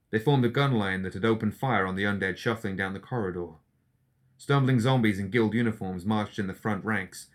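A man giving steady, scripted narration of a dark fantasy audiobook. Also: lowish voice.

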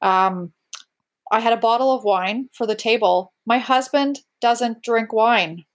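A woman's voice: a little high, unhurried. A woman in her thirties telling a personal story in casual conversation, candid and rambling, often breaking off mid-sentence. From Canada. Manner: candid, rambling, self-interrupting. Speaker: guest.

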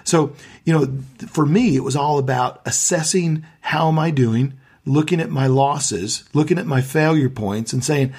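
A man's voice: on the high side, normal speed, hardly any pauses, a little mellow, husky. A middle-aged man hosting a casual conversation about sales, talking in a firm, storytelling way.

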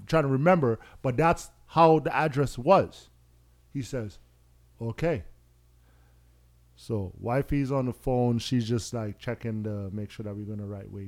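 A man's voice: mid-range voice, darkish tone. A man co-hosting a podcast, telling a story in casual chat with emphatic, profane street slang. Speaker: podcast co-host.

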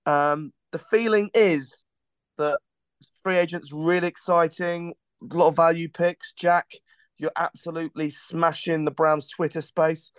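A man's voice: on the high side, fairly even intonation, unhurried, smooth, dry recording. A man hosting a podcast, chatting casually and joking in a rambling, friendly way. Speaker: podcast host.

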